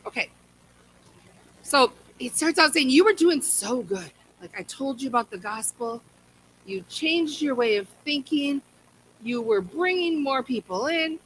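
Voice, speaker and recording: Lady teaching bible study at church, bright voice a bit high, chatty and restarting a lot, faint hiss behind. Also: lively intonation, measured pace, poor audio. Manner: conversational, repeats words and restarts.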